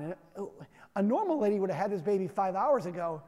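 A man's voice: high-pitched, sing-song, fast talker, dark tone, big-room sound. A man preaching a sermon in a conversational, emphatic way, with self-deprecating humor. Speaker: pastor.

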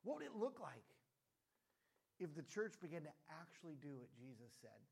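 Animated male preacher, slightly high voice. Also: normal speed, creaky, husky. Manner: animated, acts out dialogue, rhetorical questions. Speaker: pastor. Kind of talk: sermon.

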